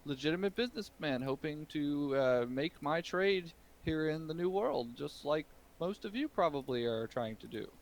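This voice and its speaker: A man's voice: a little high, animated, normal speed, hardly any pauses, pitched above the performer's own voice. A man voicing a fussy older male shopkeeper dressed in silks, speaking politely in a raised voice.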